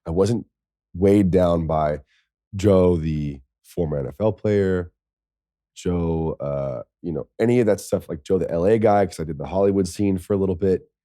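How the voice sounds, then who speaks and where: A man with a low, dark voice tells a personal story as a podcast guest. He rambles in an animated way and leans on "like" as filler. The sound is dry and close. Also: moderate pace, no room sound. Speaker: interview guest, former NFL tight end. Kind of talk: candid storytelling.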